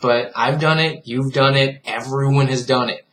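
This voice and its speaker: Speaking at normal speed in a steady, mid-range, fairly bright voice, a vlogger gives an earnest, reflective monologue, lecturing viewers with frequent direct appeals and laughing at what seems foolish to him. There is slight background noise.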